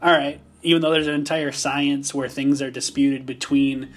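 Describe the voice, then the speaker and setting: A young man with a Minnesota accent, co-hosting a casual podcast chat, telling animated stories and laughing often. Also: mid-range voice, normal speed. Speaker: podcast co-host.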